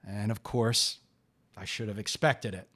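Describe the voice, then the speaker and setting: Male podcast host, middle-aged, lower register, loose storytelling delivery full of restarts. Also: steady tone, fairly bright tone. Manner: unhurried, rambling, frequent "uh" and restarts.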